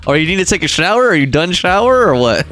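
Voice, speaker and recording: A man's voice: a little high, big pitch swings, a little fast, fairly bright tone. A man streaming a video game, chatting casually with his viewers in a playful way and laughing often. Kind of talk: casual live-stream commentary. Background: game music.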